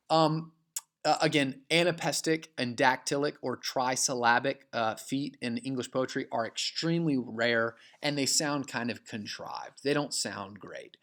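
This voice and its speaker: A man's voice: medium pitch, pushed and bright. A man teaching a recorded literature lecture in a casual, conversational way, full of fillers and frequent "okay?" check-ins.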